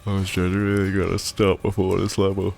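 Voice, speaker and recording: A man with a croaky voice giving casual, chatty gameplay commentary on a livestream, with jokey asides to viewers. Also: low voice, completely flat delivery, a little fast, darkish tone. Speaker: game streamer. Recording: game music under voice. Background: game music.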